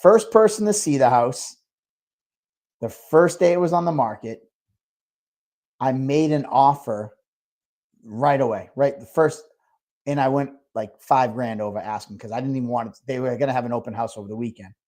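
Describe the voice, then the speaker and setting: A man in the middle of a podcast tale, rambling from one thought to the next with constant swearing and filler words. His voice sits at a middling, ordinary pitch. It is loose, unscripted talk among friends. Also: normal speed, long pauses, darkish tone. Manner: rambling, heavy swearing, lots of "like". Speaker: podcast co-host; restaurant owner. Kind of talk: casual storytelling chat.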